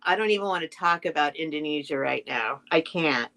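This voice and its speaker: A woman's voice: sits low, animated, fairly quick, creaky, fairly bright tone. A woman hosting a casual live stream, reading a children's book aloud and chatting with her viewers in a rambling, sentimental way. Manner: sentimental, gets emotional over the text.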